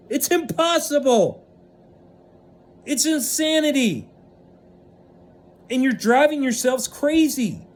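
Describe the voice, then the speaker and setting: A man in an unscripted vlog monologue, ranting with lots of swearing and swinging between loud outbursts and hushed stretches. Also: very high-pitched. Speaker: vlogger.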